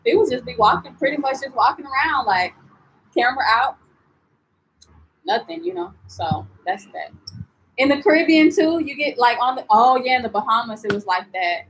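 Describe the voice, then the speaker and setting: Chatty young woman vlogger, slightly high. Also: normal speed, slight background noise, poor audio. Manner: chatty and animated, heavy on "like" and "you know"; reads and answers viewer comments. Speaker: travel vlogger. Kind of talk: casual live-stream chat.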